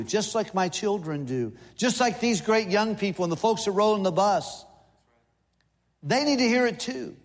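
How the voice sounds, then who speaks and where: A man's voice: high voice, long reverb tail. A man in his sixties preaching a sermon in a church, folksy and humorous, with lists and playful asides. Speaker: visiting missionary preacher. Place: church sanctuary.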